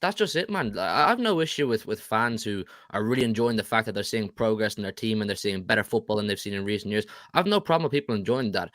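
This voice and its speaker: A man's voice: lowish voice, lively intonation, fast talker, few pauses, fairly bright tone, dry recording, clean studio sound. A man on a football podcast panel, confidently defending his club and brushing off rival fans. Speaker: Man City fan panelist. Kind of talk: casual football debate.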